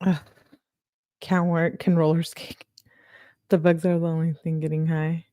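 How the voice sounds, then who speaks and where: A woman reads text messages aloud in a mellow, relaxed voice. She stops often for casual, disbelieving asides to her viewers. The sound is dry and close, with no room echo. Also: low-pitched, measured pace. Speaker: true crime commentator.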